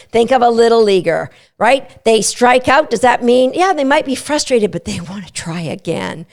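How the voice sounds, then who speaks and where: A middle-aged woman hosting a dog training podcast, animated and playful, often breaking into quick voices for what a dog might be thinking. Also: mid-range voice, gravelly. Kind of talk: podcast teaching talk.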